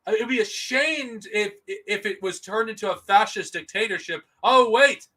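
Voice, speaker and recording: Streaming on his own, this man speaks at a normal speed in a high, sharp voice. His rant is angry and full of profanity, broken up by stammered restarts as he says things over again.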